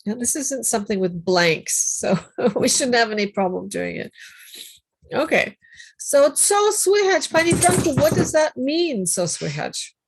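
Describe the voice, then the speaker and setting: A woman's voice: fairly high pitch, lively intonation, normal speed, gravelly, a little hiss or hum. A woman teaching a Polish class over a video call, patiently explaining phrases and encouraging her students. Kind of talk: online language class. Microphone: computer mic on a video call.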